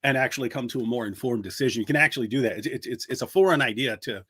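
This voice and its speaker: A man co-hosting a casual podcast chat, talking quickly and restarting his words when he gets excited. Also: mid-range voice, husky. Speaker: podcast co-host.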